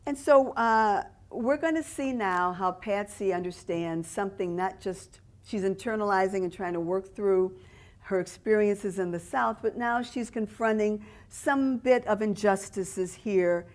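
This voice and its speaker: A woman author speaking at a library event, reading passages from her book and explaining them. She talks in a measured, storytelling manner. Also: mid-range voice.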